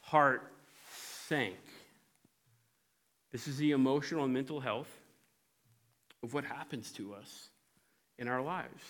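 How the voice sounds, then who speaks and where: A man preaching a sermon, telling stories in an animated way with frequent restarts. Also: mid-range voice, moderate pace, pauses often. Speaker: pastor.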